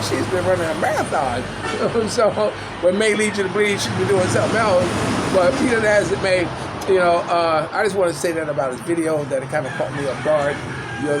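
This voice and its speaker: At a small outdoor spot after tennis, an older man with a high voice vlogs casually and ramblingly against a noisy background. He chuckles frequently and leans hard on "you know" as filler.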